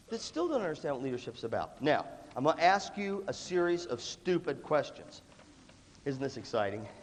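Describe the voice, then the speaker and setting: A man giving a humorous talk on leadership, telling stories and acting out voices in an animated, jokey way. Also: fairly high pitch. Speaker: leadership speaker. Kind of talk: humorous storytelling talk to an audience. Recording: echoey hall, faint background noise.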